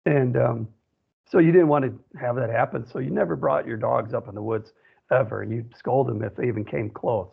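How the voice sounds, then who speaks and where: A man's voice: medium pitch, moderate pace, creaky, slightly rough. A man from central Wisconsin, a guest on a radio show, telling a long personal story in a rambling way, often saying "you know". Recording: tinny phone line.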